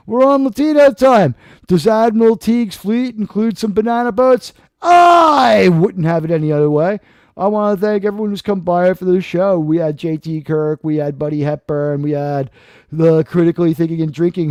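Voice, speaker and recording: Brash high-voiced New man. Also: darkish tone, no room sound, clean studio sound. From New York, USA. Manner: rambling, brash, quick to swear. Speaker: live-stream talk show host. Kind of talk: casual live-stream monologue.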